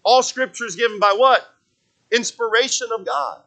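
A man preaching a sermon with a high, bright voice. He talks to the congregation in a relaxed, conversational way. He often repeats words as he goes and acts out little stories. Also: normal speed, low-quality recording. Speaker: pastor.

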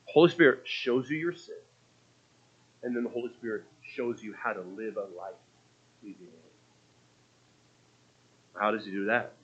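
A man's voice: on the low side, normal speed, long pauses, slightly rough, muffled recording. Conversational man preaching a sermon. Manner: conversational storytelling preaching with repeated restarts.

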